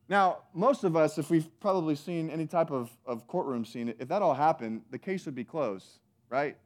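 High-voiced guy preaching, animated and emphatic, lots of rhetorical questions. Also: normal speed, few pauses. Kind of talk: sermon.

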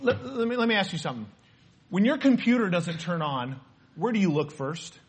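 A man preaching a sermon in an emphatic, animated way, repeating his key phrases. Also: high voice, brisk, husky.

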